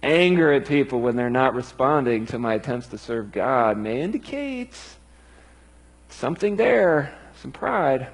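A man's voice: mid-range voice, very animated, a little slow, slightly rough, poor audio. A man preaching a sermon in an earnest, emphatic way.

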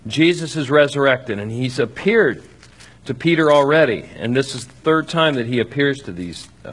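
A man preaching a sermon, acting out scripture with lively swings between loud and soft. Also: mid-range voice, husky. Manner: animated, acts out scripture with shifting loudness. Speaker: pastor.

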